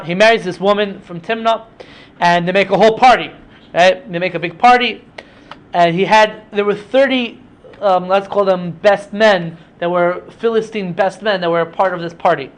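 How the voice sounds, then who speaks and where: Man, high voice, casual storytelling lesson, chatty, many asides. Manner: chatty, with frequent fillers and asides. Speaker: teacher.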